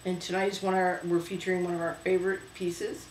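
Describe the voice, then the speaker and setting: A woman hosting a casual home video show about thrift finds, talking chattily with many pauses and fillers. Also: fairly low pitch, flat delivery, fairly bright tone, reverberant, a little hiss or hum, poor audio. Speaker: host. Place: home room.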